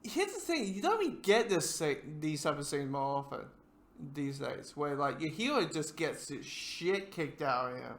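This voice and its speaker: A man's voice: on the high side, big pitch swings, moderate pace. A man hosting a casual movie watchalong, rambling and stumbling over his words as he restarts sentences. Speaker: movie commentary host.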